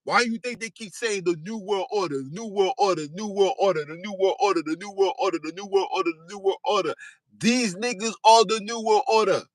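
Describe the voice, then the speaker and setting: A man's voice: high voice, brisk, no echo, poor audio. Fiery, insistent man with a raised voice. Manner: repetitive, insistent, rising to shouts. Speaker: podcast host. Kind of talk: fiery monologue preaching.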